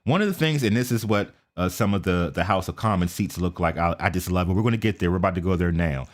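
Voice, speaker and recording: An American man giving casual, talkative commentary on a live stream. He keeps checking in with "okay?" and mutters quietly to himself while he sets things up. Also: low voice, fast. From United States. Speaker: reaction video streamer.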